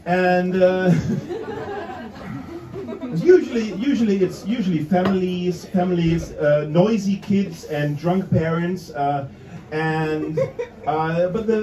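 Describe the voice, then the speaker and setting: German man doing relaxed stand-up. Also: high voice. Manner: relaxed, conversational. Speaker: stand-up comedian. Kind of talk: stand-up comedy set. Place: comedy club stage. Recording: roomy club sound from far off, crowd. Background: audience laughter.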